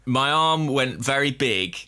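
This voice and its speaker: A man's voice: medium pitch, expressive, unhurried, pushed and bright, clear, resonant tone. A man co-hosting a football podcast, telling a long self-deprecating anecdote in casual chat. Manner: self-deprecating storyteller, laughs at own mishaps. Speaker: podcast co-host.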